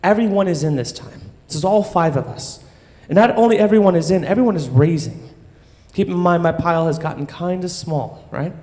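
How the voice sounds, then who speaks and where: A man telling a story live on stage in an animated, profane way, often checking in with "right?". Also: high voice, a little fast. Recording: long hall reverb.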